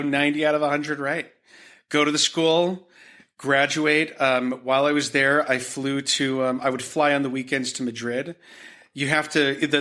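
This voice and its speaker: Bright-voiced man telling a rambling story. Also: mid-range voice. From Utah, United States. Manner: rambling, with frequent fillers and restarts. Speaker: podcast guest, art gallery owner. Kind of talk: conversational storytelling.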